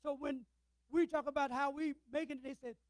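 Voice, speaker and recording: High-voiced older preacher. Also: male voice, fairly even intonation, brisk, no room sound, low-quality recording. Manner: emphatic preaching with rhetorical questions and call-outs to the congregation; swings between loud declarations and low, quiet asides. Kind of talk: sermon.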